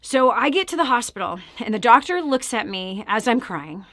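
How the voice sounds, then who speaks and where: A woman's voice: on the high side, sing-song, moderate pace, a bit bright, no room sound, clean studio sound. A middle-aged woman from California hosting her show and telling a personal testimony, emphatic and emotional, sometimes dropping to a near whisper. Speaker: show host and speaker.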